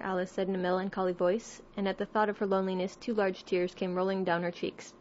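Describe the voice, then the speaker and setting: Woman reading a kids' classic, calm, audio kinda muffled. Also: mid-range voice, fast talker, few pauses, a little hiss or hum. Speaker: audiobook reader. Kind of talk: storybook narration.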